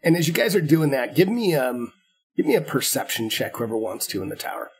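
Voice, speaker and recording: A man narrating as game master of a tabletop game, halting and repeating words as he goes. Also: medium pitch, very animated, slightly rough.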